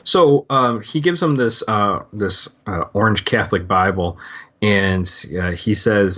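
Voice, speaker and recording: A man's voice: lowish voice, a little slow, fairly bright tone, dull audio. A man co-hosting a casual book-club podcast, rambling through his points with many fillers and restarts. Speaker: podcast co-host.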